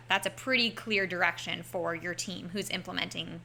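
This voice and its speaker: A woman's voice: lowish voice, steady tone, normal speed, creaky, few pauses, pushed and bright, slight background noise. A woman, a vacation rental host, explaining earnestly in a casual podcast chat.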